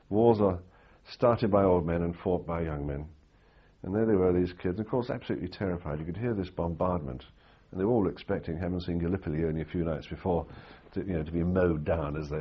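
Older male interviewee, anecdotal storyteller; deep, husky voice on a slightly dull recording. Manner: anecdotal, rambling with restarts and fillers. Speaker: interviewee recalling war reporting.

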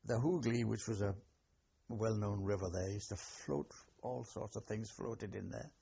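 Heard in a muffled recording, an older Welshman recalls his wartime past for an oral history, speaking haltingly and rambling with frequent restarts. His lowish voice is creaky and mellow with a breathy edge and fairly even intonation.

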